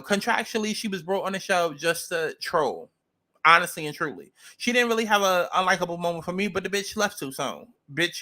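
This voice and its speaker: High-voiced sassy New man. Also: pushed and bright. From New York. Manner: blunt, profane, sassy. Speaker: reality show reviewer. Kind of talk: ranting commentary.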